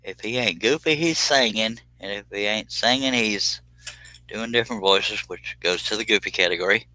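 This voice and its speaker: Deep-voiced folksy man chatting while he works. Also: moderate pace, sharp tone, rough recording. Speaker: livestream host. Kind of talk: casual live-stream chat. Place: workshop, cutting on a scroll saw.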